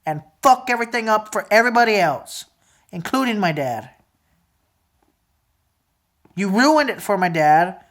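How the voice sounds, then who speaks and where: A woman in her twenties venting angrily to camera in a profane, repetitive rant that sometimes drops to a low mutter. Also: animated, measured pace, pauses often. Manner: angry, profane ranting; repeats phrases, drops to a low mutter at times. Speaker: vlogger. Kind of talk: emotional venting monologue.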